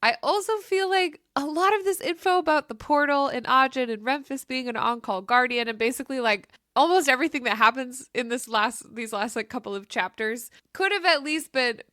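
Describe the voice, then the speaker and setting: A woman co-hosting a book club podcast in a casual, thinking-aloud way, with frequent restarts. Her fairly high voice is bright and sharp. It is recorded dry and close. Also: brisk, few pauses, no room sound. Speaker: podcast co-host.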